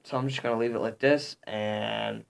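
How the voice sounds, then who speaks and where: A man vlogging to camera, telling a story in a rambling, halting way with lots of fillers, upset and indignant. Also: on the low side, fairly even intonation, vocal fry, clean tone. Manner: rambling, halting, heavy on "um" and "literally".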